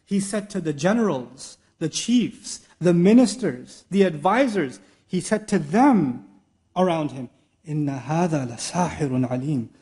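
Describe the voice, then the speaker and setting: A man teaching a religious lecture. He is animated, asks rhetorical questions and acts out bits of dialogue. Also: high voice, unhurried. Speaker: Islamic teacher. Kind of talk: lecture sermon.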